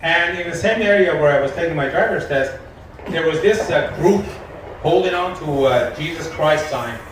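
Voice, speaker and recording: A man with a high voice does live stand-up in a lounge. He tells stories deadpan and acts out both sides of each conversation. The sound is very echoey and picked up from some distance, with a faint room hum behind it. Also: moderate pace. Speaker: stand-up comedian. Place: shisha lounge.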